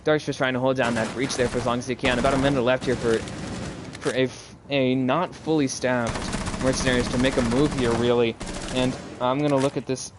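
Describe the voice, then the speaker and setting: A man casting an esports match on his own, mixing quick play-by-play with loose, rambling asides to viewers. He speaks into a close mic at a middling pitch. Gunfire and game sounds keep up clearly behind him. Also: fairly even intonation, noisy background. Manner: casual, rambling, chats with viewers between plays. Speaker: solo esports caster. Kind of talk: live esports play-by-play commentary.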